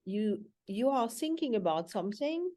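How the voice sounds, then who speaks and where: A woman's voice: on the high side, big pitch swings, normal speed, dark tone. A woman life coach hosting a casual coaching chat, speaking in an earnest, reflective way.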